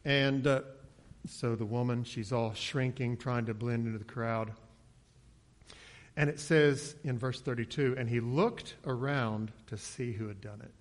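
Man, preacher, sermon, conversational, mid-pitched voice, acts out quotes. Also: fairly even intonation, measured pace. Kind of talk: expository sermon.

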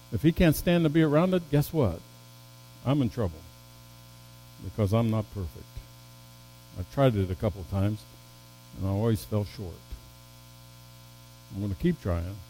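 A pastor delivers a sermon, his voice rising to loud, emphatic peaks and then dropping into quiet, soft stretches, with stumbles and restarts along the way. The recording quality is low.

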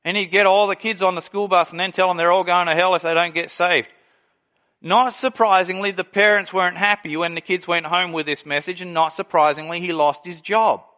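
Guy preaching, high bright voice, animated storyteller. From Australia. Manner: animated storytelling, acts out quoted people. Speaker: pastor. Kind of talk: sermon.

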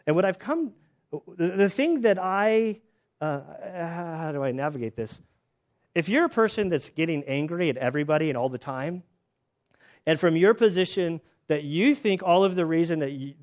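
A man preaching a sermon, telling stories with animated retellings and laughter. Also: on the high side, dull audio. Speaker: pastor.

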